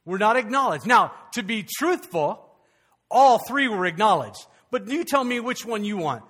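A male pastor, preaching a conversational, animated sermon with frequent restarts. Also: sits high, moderate pace.

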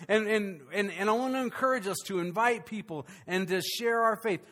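This pastor has a high, light voice and delivers his sermon at a moderate pace. His manner is animated and conversational, and he often stops and restarts sentences with filler words.

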